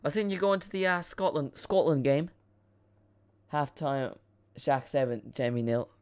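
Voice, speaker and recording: A man's voice: a little high, animated, unhurried, darkish tone, clean tone. A man hosting a live football watchalong stream, chatting casually and rambling as he reacts to the chat and the match.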